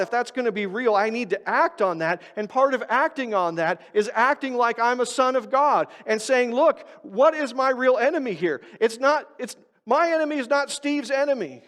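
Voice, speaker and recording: Man preaching a sermon, high voice, long church echo, goes loud then quiet n low. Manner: emphatic preaching that swings between loud stresses and quiet, low asides. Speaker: pastor. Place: church sanctuary.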